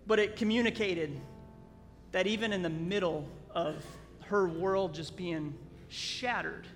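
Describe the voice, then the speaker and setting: A man preaching a sermon as a pastor, telling a story earnestly with halting restarts, in a church sanctuary. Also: high-pitched, fairly bright tone. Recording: long hall reverb, faint music.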